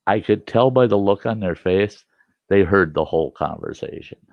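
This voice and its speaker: An older man telling a funny camping story in a casual, animated way, acting out his shouting at a stubborn camera. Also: sits low, moderate pace, no echo. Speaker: storyteller host. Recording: dull, slightly lo-fi and dry.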